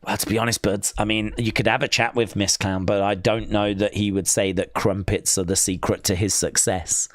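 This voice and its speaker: A man's voice: on the low side, steady tone, normal speed, hardly any pauses, no echo, clean studio sound. An English man hosting a live stream, reading viewer comments aloud and bantering with them in a playful, teasing way.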